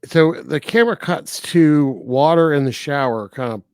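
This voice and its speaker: A man's voice: fairly high pitch, moderate pace, no room sound, clean studio sound. A man co-hosting a podcast, casually recapping a film scene by scene with quoted asides. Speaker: podcast co-host. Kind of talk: casual film review chat.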